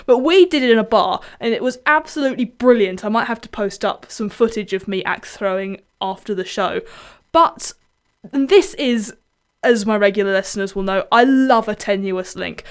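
A woman's voice: medium pitch, normal speed, clear, resonant tone. A young woman hosting a music radio show, chatting casually and self-deprecatingly between songs.

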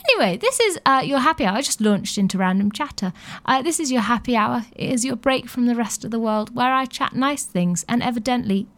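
A woman's voice: a little high, brisk, fairly bright tone. A young woman hosting a radio show, chatting in a playful, easygoing way between songs. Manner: chatty and playful, with light laughs. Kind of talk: casual radio chat.

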